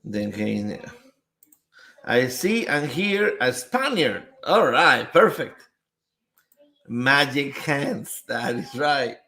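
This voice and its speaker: A man's voice: medium pitch, big pitch swings, very slow, creaky, bright, forceful tone. A man hosting a live stream in a casual chat style, greeting viewers one by one and reading out their comments. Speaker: livestream host.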